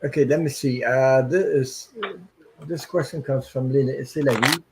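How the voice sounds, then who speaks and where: A man's voice: mid-range voice, steady tone, moderate pace, a little mellow, a little hiss or hum, rough recording. A man hosting a tarot livestream, chatting casually and rambling with many fillers, sounding tired.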